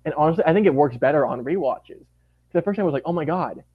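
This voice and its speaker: Podcast guest, man, gushing and lively, lo-fi dry recording. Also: on the high side, fast, slightly rough, no echo. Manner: animated, gushing, acts out quotes. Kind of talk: casual chat.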